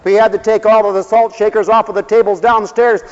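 An older man preaching a folksy, humorous sermon, swinging from quiet asides to loud exclamations. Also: high-pitched, little pitch movement, a little fast. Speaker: pastor. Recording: dull lo-fi sound with long hall reverb.

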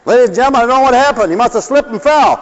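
A man preaching a humorous sermon with animated, theatrical storytelling in a large hall. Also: extremely high pitch, rapid-fire, slight background noise. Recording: dull sound with long hall reverb.

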